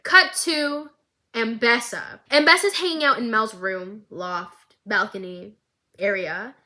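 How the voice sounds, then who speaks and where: A woman recapping an animated series in a dramatic, animated storytelling style. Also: medium pitch. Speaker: recap vlogger.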